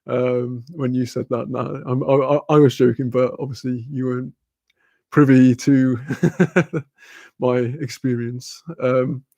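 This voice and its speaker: A young man with a Newcastle accent, his voice gravelly and a bit fried, rambles through a casual livestream chat. He laughs a lot and swears freely, and the sound is close and dry with no room echo. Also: medium pitch, little pitch movement, slow, mellow. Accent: Newcastle English. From Newcastle, England. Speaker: streamer reading chat.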